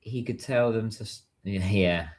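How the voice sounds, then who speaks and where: A man's voice: on the low side, unhurried, darkish tone. A British man hosting a casual livestream, chatting and answering viewer messages. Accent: British English. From United Kingdom. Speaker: livestream host.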